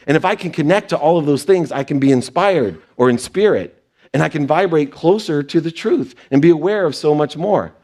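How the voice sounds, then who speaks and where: A man's voice: a little high, lively intonation, a little fast, darkish tone. A man giving a motivational stage talk, telling personal stories and quoting people in brief put-on voices. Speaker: speaker. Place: stage before an audience.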